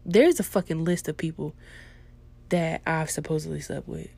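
A woman's voice: sits low, moderate pace, creaky. Blunt, foul-mouthed woman ranting. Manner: blunt, heavily profane, swings into loud animated ranting. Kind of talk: casual unscripted monologue.

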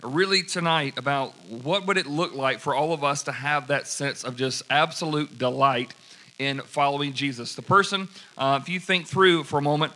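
Animated preacher with bright voice. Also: male voice, a little high. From United States. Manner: animated, acts out quoted dialogue. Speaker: pastor. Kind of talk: sermon storytelling.

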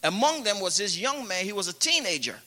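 A preacher from Africa tells stories in a loose, chatty sermon, dropping "you know" and laughing often. His voice sits high and sounds very bright. It carries a long reverb, as in a large hall. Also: very animated, fairly quick. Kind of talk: sermon with personal storytelling.

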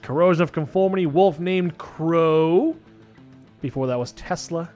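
A male radio host talking casually in a studio, his fairly high voice swinging up and down as he goes. He laughs and swears freely, and faint music plays underneath. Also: lively intonation, normal speed, a little mellow.

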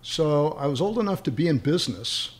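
A man's voice: on the high side, expressive, brisk. A man, an interview guest, telling long rambling anecdotes and chuckling as he remembers them. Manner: rambling, chuckling as he recalls stories. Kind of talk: anecdotal storytelling.

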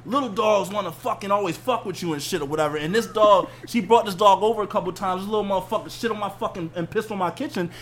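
Profane, animated man telling stories. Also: high voice, fast talker, few pauses, slight background noise. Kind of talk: casual chat.

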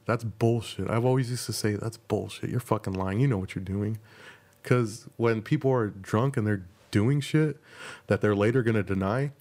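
A man's voice: lowish voice, a little mellow. A young man hosting a podcast, telling a rambling, profane story about himself in a casual, self-mocking way. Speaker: podcast host.

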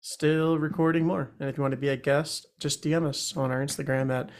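A man's voice: fairly high pitch, fairly even intonation, brisk. Playful man playing an investigator. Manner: playful, hesitant restarts. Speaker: podcast host and player. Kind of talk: in-character tabletop play.

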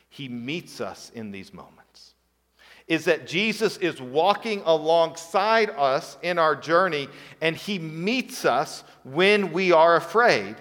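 Guy preaching a sermon, slightly high voice, jokes around then drops real quiet, big echoey hall. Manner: conversational preaching with playful asides and dramatic dips to a hush. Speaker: pastor. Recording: long hall reverb.

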